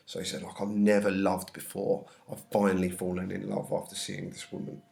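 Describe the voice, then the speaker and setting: A man's voice: sits low, monotone, a little fast, creaky, darkish tone. A man teaching an English class, reading lines from a play and then explaining them in casual everyday words, sounding slightly under the weather. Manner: reads verse aloud then paraphrases in casual slang. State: slightly ill.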